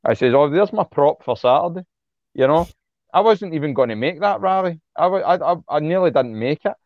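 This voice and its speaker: Man, guest on a call interview, blunt and heated, swears a lot; fairly high voice, dry, dull lo-fi audio. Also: lively intonation, fairly quick, no echo. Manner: blunt, heated, swears freely, repeats words when worked up. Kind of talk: impassioned casual interview talk.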